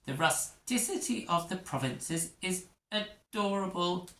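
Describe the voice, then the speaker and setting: A man's voice: sits high, animated, measured pace, a bit bright, voice pushed up, heavily acted. A man voicing a haughty, condescending young princess with a prim manner. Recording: echoey room.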